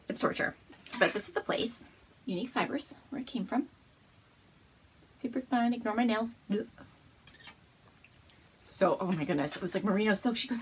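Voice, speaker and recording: A woman's voice: mid-range voice, expressive, moderate pace, long pauses, a little hiss or hum. A woman hosting a casual show-and-tell episode at home, gushing and bubbly, often laughing as she talks. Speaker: podcast host.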